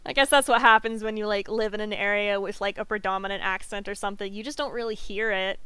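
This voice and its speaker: Giggly, bright-voiced young streamer woman. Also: medium pitch, fairly even intonation, fast talker, smooth, no echo. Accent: light Southern US. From Southern US. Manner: chatty and giggly, rambling with many fillers. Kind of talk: casual chat while streaming a game.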